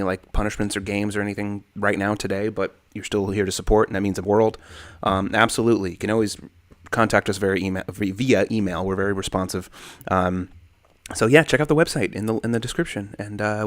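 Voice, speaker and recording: A man's voice: on the low side, fairly quick, no room sound. A young man hosting a casual livestream from home, chatting on a desk microphone and greeting viewers by name. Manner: laid-back, greets chatters by name, animated swings. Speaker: livestream host. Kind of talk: casual livestream chat reading comments. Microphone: desk condenser mic.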